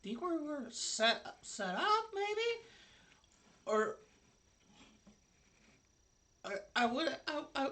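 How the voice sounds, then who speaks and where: A man's voice: very high voice, very animated, very slow, pauses often, sharp tone, voice pushed up, heavily acted. A man voicing a nervous male goblin prisoner who stammers anxiously.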